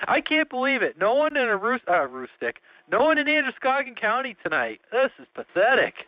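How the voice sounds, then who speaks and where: A man's voice: extremely high pitch, sing-song, fairly quick, dry recording. A man running a radio check-in, chatty and joking, laughing often. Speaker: net control host of a radio check-in. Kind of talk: casual radio chat. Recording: muffled audio with faint noise.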